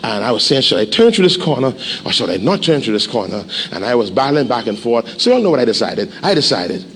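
A man pastor preaching a sermon in a church, animated and urging the congregation to respond. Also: medium pitch, fast, big-room sound. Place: church sanctuary.

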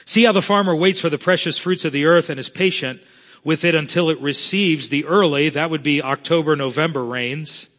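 Earnest pastor preaching in a reverberant hall. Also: male voice, on the high side, a bit bright. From South Florida. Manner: earnest preaching, slows to stress scripture. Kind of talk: sermon.

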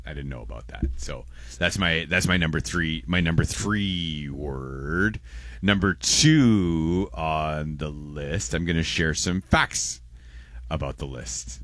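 A man's voice: a bass voice, takes it slowly, no echo. An American man co-hosting a podcast, chatting casually and playfully. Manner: playful, jokey, animated. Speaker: podcast co-host. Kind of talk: casual chat.

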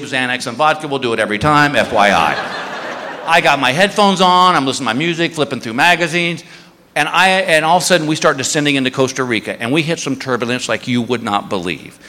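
A middle-aged man doing stand-up, telling a story in an exasperated, animated way. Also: on the high side, fairly quick. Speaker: stand-up comedian. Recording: hall reverb, faint noise.

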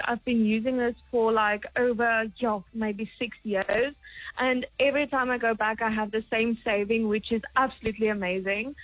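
A woman phones in to a radio show and speaks with giggly enthusiasm. Her voice is slightly husky and sits a little high, and the sound is dry. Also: no room sound, narrow, tinny audio. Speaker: caller. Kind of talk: phone-in chat.

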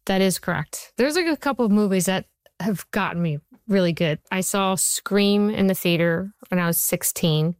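A woman's voice: medium pitch, normal speed, clean tone, no echo. A woman in her forties, a TV writer, giving chatty interview answers full of stories and fillers. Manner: chatty storyteller, many fillers. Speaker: TV writer and showrunner.

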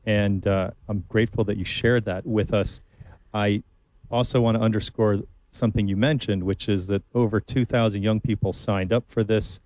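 Low-voiced man hosting a talk show. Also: moderate pace, dry recording. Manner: relaxed, hesitant with many fillers. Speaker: host. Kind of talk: casual radio talk.

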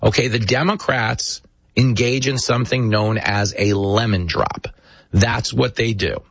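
A man delivers a sarcastic, emphatic political monologue as a talk show host, telling stories with animated energy. His voice is husky and mid-pitched. The sound is dry and close. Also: measured pace, no echo.

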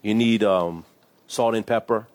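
A man's voice: lowish voice, steady tone, a little slow, a little mellow. A man giving a casual, conversational sermon as a pastor, reading scripture and acting out little voices with laughs.

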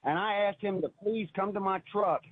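Husky-voiced man calling in by phone. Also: high voice, a little fast, dry recording. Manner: earnest, emotional, repeats himself. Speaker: caller. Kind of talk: call-in radio testimony. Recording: tinny phone line.

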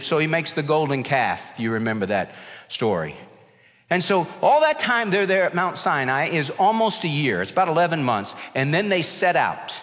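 A male pastor preaching a lively sermon, acting out complaining voices as he tells stories. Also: medium pitch, normal speed. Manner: animated storyteller, acts out voices of complaining children and people. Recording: long hall reverb.

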